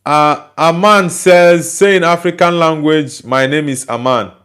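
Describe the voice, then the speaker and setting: A man's voice: on the high side, a little slow, fairly bright tone, clean tone. A Nigerian man, a native Igbo speaker, hosting a casual livestream and chattily answering viewer comments he reads aloud. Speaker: host.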